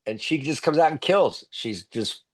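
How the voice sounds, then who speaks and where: A man, a comedian guest telling lively stories on a podcast and acting out other people's loud voices. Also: fairly high pitch, moderate pace. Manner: animated storyteller, acts out loud voices of others. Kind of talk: storytelling podcast interview.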